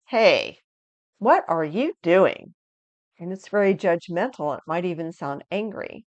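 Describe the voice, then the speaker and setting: Energetic woman teaching a video lesson. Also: medium pitch, no room sound, lo-fi sound. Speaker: resilience educator.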